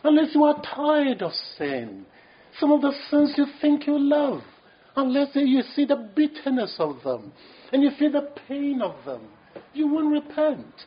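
A man's voice: extremely high pitch, very animated, measured pace. A man preaching a sermon in an earnest, pleading way, with frequent restarts and fillers. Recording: muffled lo-fi sermon recording.

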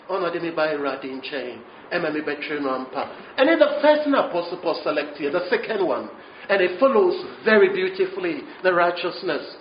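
A man preaching a sermon, mixing English and Twi, telling a story in an animated way. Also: on the high side, a little fast, a little hiss or hum. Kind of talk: sermon with interpretation. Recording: echoey room, dull lo-fi sound.

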